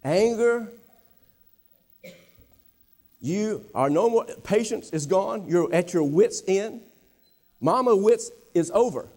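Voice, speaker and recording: A man preaching a sermon, with a dramatic delivery that swings from animated to hushed and low. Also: takes it slowly, pauses often. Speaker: pastor. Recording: long hall reverb.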